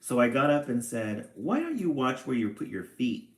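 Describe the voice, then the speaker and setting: A man's voice: mid-range voice, huge pitch swings, moderate pace, voice pushed up. A man voicing an upset little girl bear cub in a storybook read-aloud, indignant and emphatic. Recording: echoey room.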